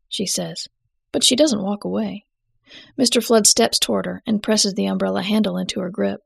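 A woman's voice: mid-range voice, fairly quick, gravelly, breathy edge, no echo, studio quality. A woman giving a scripted first-person narration of a story, with a wry, matter-of-fact manner.

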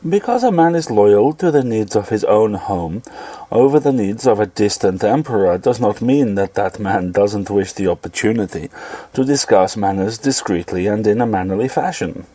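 A man voicing a sly, scheming lord mayor who talks in a smooth, insinuating way in an audio story. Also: fairly low pitch, expressive, normal speed, dark tone, dry recording. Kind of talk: audio fiction dialogue.

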